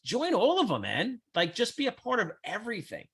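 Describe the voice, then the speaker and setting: A man hosting a casual chat, blunt, brash and profane, with animated storytelling. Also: high-pitched, fairly quick, breathy edge. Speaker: host.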